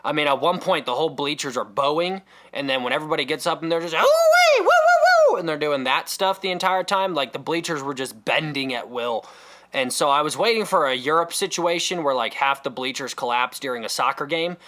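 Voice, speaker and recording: A man telling a comedic story and acting out the voices of other people. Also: a little fast. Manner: animated, acts out other people's voices with big pitch jumps. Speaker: comedy podcast host.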